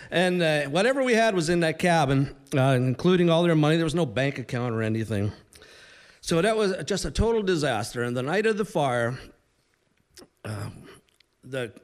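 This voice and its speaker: Older guy in his 60s telling a funny story to a crowd, kinda high voice, chatty, lots of pauses. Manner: humorous, conversational, with pauses and restarts. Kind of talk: live storytelling to an audience.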